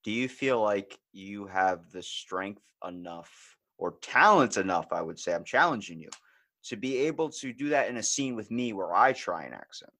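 A man hosting a podcast in casual chat, joking and crude, with animated delivery. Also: on the low side, normal speed. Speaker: podcast host.

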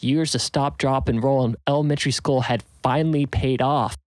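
A man's voice: medium pitch, fairly even intonation, normal speed, a little mellow, no echo. A man narrating a serial first-person story in an earnest, urgent way.

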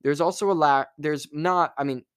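A man's voice: on the high side, steady tone, normal speed, clear, resonant tone, no echo, studio quality. A man giving a casual movie review, rambling with restarts, swearing freely and laughing at his own stories.

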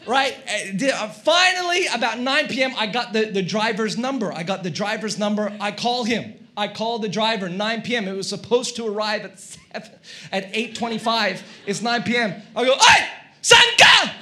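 A male pastor preaching a sermon, telling a comic story in an animated way and acting out his own shouting. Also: high-pitched, moderate pace. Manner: animated, acts out quoted shouting.

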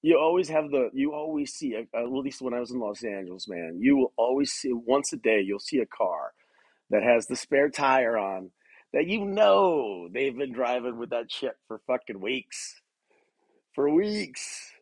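Medium-pitched and expressive with a breathy edge, this man's voice carries no room sound. He's a podcast host on a profane solo rant, rambling and laughing a lot, with frequent halts, restarts and fillers.

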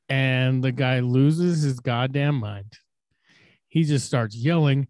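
Young male podcaster, loose and vulgar, dry close mic, acts out yelled lines. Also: mid-range voice, slow, dry recording. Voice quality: loose and profane, acts out shouted quotes. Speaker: podcast co-host. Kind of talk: crude casual storytelling.

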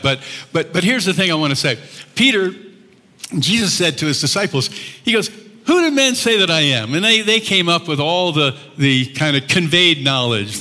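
Guy pastor preaching, bright forceful voice, lots of hall echo, acts out the quotes. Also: a little high. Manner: animated storytelling, acts out quotes with laughs. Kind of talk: sermon. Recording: long hall reverb.

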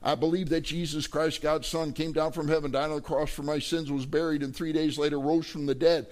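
Male pastor, high voice, emphatic sermon delivery, questions the congregation. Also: level tone, fairly quick, a little mellow. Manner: emphatic, rising to high pitch for quoted voices; addresses the congregation directly, asking questions.

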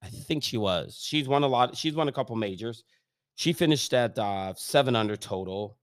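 Rambling, excitable man chatting golf. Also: medium pitch, normal speed, dry recording, studio quality. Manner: enthusiastic, rambling, trails off mid-thought. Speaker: podcast co-host. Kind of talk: casual golf chat.

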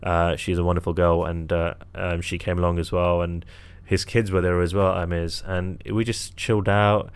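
A young man, a magician, casually telling animated stories and quoting people, laughing often. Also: low-pitched, moderate pace, hardly any pauses, smooth. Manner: animated storyteller, quotes others, laughs often. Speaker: magician and entertainer. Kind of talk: casual chat.

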